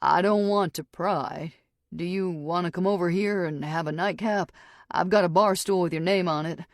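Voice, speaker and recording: A woman voicing a gentle, teasing male bartender who speaks softly with a Texan accent. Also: high voice, fairly even intonation, normal speed, no room sound, studio quality. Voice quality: soft voice.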